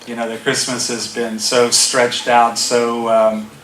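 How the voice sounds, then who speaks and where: Older pastor, bright voice, echoey church. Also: male voice, mid-range voice, level tone, takes it slowly, far from the mic, a little hiss or hum. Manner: humorous storytelling. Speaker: guest pastor. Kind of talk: sermon. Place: church auditorium.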